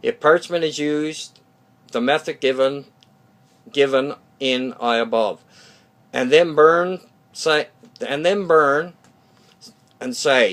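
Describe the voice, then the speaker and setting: A man slowly reading out ritual instructions and chanted invocations, halting and restarting over words. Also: a little high, a bit bright. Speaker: solo video creator reading a ritual.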